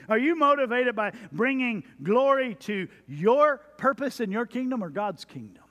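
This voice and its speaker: A man in his forties from Texas preaching a sermon as pastor, animated, with lively asides about his own family. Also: sits high, normal speed, hardly any pauses. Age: 40s. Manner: animated preaching, mimicking a parent's stock phrases.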